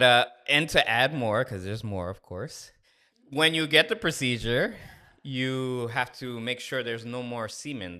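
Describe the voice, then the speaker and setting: A man in his thirties telling a candid personal story on a podcast, acting out the dialogue as he goes. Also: mid-range voice. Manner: candid, animated, acts out dialogue. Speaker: podcast co-host. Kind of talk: casual storytelling.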